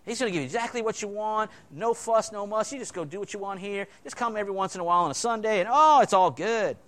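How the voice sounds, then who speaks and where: A man delivering a sermon with a somewhat high voice. He preaches animatedly, pushing some lines out loudly and dropping others to a near murmur. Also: fast. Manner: animated preaching, dramatic swings between loud emphasis and quiet asides. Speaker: pastor.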